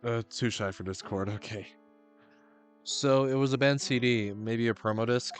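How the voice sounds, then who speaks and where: A male streamer chatting casually while playing through a story game, mid-pitched and relaxed in tone. He jokes, laughs and now and then curses at what happens on screen. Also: moderate pace, soft background music. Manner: casual, joking, swears and laughs. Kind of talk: casual game stream, reading dialogue aloud.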